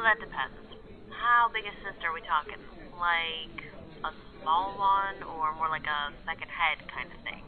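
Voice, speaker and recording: A woman playing a wry, dodging friend on the phone. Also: on the low side. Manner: dry, joking and dodging. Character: blunt, evasive young woman friend. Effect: phone line. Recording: tinny phone line.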